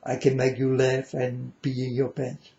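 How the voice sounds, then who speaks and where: A man's voice: mid-range voice, completely flat delivery, a little slow, gravelly, warm tone. A man giving an earnest, repetitive, preachy monologue to his listeners, whom he calls folks. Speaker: vlogger. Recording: dull lo-fi recording.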